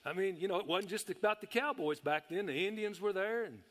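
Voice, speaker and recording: Guy preaching, fired up and folksy, high voice, big hall echo. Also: fairly quick. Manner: excitable, folksy, shouts bursts of praise. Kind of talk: sermon. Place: church hall. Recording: long hall reverb.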